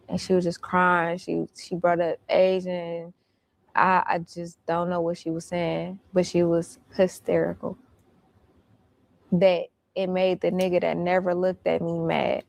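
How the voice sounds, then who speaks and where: A woman tells a story in a blunt, profane, casual way. Her voice sits low and gravelly, with a flat, unhurried delivery that barely rises or falls. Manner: blunt, profane, recounting events.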